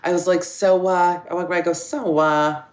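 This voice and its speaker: A woman guest on a comedy podcast, telling stories in an animated, joking way and laughing often. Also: on the low side, moderate pace. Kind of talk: casual comedic chat.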